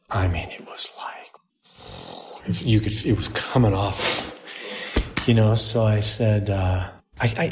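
Chatty priest telling stories with laughter. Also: male voice, on the low side, slight background noise. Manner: chatty, laughing storyteller with many restarts. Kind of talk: storytelling talk to a group.

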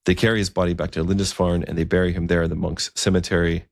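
Low gravelly male storyteller. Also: level tone, fast talker, no room sound, studio quality. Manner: conversational, occasional fillers. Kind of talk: storytelling narration.

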